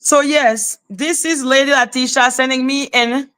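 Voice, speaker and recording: A woman's voice: sits high, fairly even intonation, measured pace, a bit bright, clear, resonant tone. A woman hosting a live stream, talking to her chat in a confrontational, scolding way. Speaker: livestream host.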